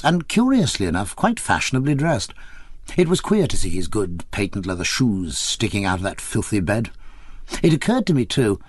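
A man reading a memoir aloud as an audiobook narrator, measured and expressive. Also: medium pitch, no echo.

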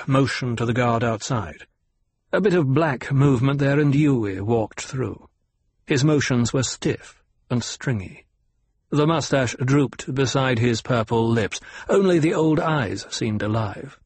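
A male audiobook narrator reading at a slow, unhurried pace. His voice is husky, and the recording is dry and close, with no room around it. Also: medium pitch, dry recording. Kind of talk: scripted narration.

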